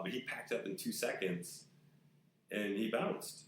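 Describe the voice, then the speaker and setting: A man's voice: lowish voice, moderate pace, roomy sound, slight background noise, poor audio. A man hosting a podcast, telling rambling stories in casual chat and swearing freely. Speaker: podcast host.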